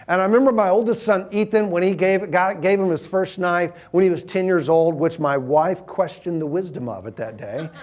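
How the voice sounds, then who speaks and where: A man's voice: high voice, normal speed, hardly any pauses, darkish tone. A middle-aged man, giving a sermon in a conversational, humorous storytelling manner and asking the audience questions.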